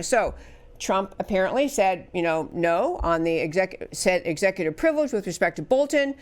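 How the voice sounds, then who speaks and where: A woman's voice: expressive, a little fast. A woman hosting a political talk show, delivering an emphatic, indignant commentary monologue with restarts and stumbles. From United States. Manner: emphatic and indignant, voice rising high on outrage; spells out words and stumbles into restarts.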